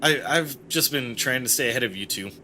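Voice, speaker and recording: A man's voice: medium pitch, fairly quick, background noise, natural voice. Man reading as a timid stammering goat-boy prince. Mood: tearful, apologetic. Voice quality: stammering, soft-spoken. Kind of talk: reading game dialogue aloud.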